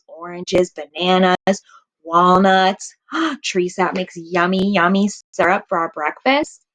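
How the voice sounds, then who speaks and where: Slow, patient kindergarten teacher woman. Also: medium pitch. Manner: slow and deliberate, stretching out sounds for young children. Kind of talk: remote teaching lesson.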